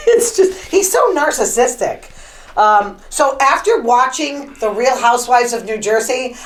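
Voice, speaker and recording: A woman's voice: fairly high pitch, poor audio. Chatty, rambling woman podcast host. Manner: chatty, rambling, opinionated with filler words. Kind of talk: casual solo commentary.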